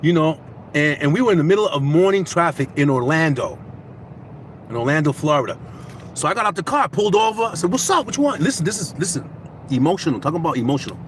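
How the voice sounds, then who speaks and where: A man vlogging casually, giving motivational life advice in animated, repetitive storytelling. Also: fairly high pitch, fast, a little hiss or hum.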